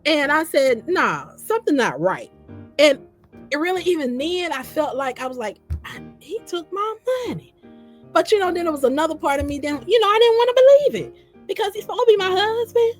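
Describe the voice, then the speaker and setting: A woman's voice: high voice, brisk, faint music behind. A woman recounting her own story in casual conversation, repeating phrases and quoting herself. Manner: animated, repeats phrases, quotes herself in dialogue.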